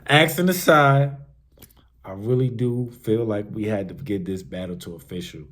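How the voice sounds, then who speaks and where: A man hosting a podcast, giving casual, hyped-up commentary on battle rap that swings from shouts to murmurs. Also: lowish voice, moderate pace. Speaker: podcast host.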